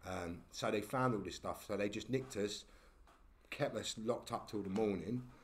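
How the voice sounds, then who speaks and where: A man, a podcast guest telling stories in casual talk, animated and full of slang and tag questions. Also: lowish voice, moderate pace, a little hiss or hum. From England. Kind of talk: casual storytelling.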